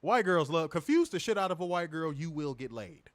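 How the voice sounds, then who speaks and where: A man's voice: a little high, sing-song, a little fast, slight background noise. A man hosting a wrestling review podcast, ranting and mocking in profane comedic commentary, laughing often.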